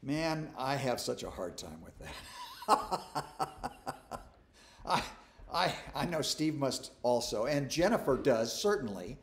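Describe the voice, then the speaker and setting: Folksy, animated male Bible teacher. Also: medium pitch, slow, a little hiss or hum. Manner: folksy, conversational, self-deprecating humor; stumbles and restarts often. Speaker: pastor leading a Bible study. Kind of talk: informal sermon.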